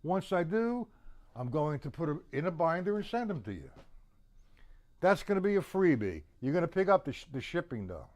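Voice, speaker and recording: A man's voice: fairly high pitch, very animated, moderate pace. A man teaching a casual drum lesson, chatting with viewers and counting beats aloud. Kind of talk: live-streamed drum lesson.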